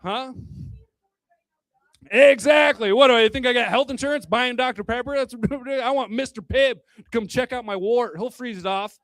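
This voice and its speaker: A man's voice: very high voice, moderate pace, a bit bright, no echo, studio quality. A man doing a stand-up comedy set at a bar into a handheld microphone, crude and rambling, a bit tipsy, chuckling at his own jokes. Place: bar hosting a live comedy night.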